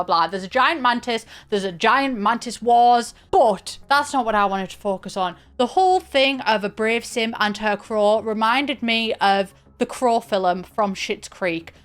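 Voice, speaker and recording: A woman's voice: a little high, fairly bright tone. A young British woman giving chatty, playful gaming commentary with sarcastic asides. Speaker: YouTuber.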